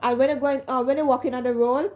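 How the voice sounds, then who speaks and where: A woman's voice: high voice, steady tone, quick pace, dull audio. A woman with a Caribbean accent talking casually to her viewers as a live streamer, emphatic and repeatedly asking if they understand. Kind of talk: casual direct-to-camera monologue.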